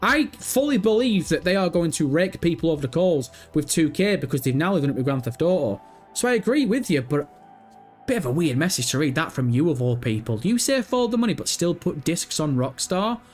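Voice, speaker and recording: A young British man hosts a gaming livestream, chatting casually, swearing, and teasing viewers in chat, with faint background music behind him. His voice is fairly high, very animated, and brisk.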